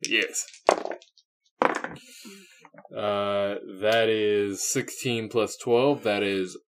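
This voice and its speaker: A man playing a tabletop game who talks his dice rolls through deliberately. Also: fairly low pitch, steady tone, very noisy. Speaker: player.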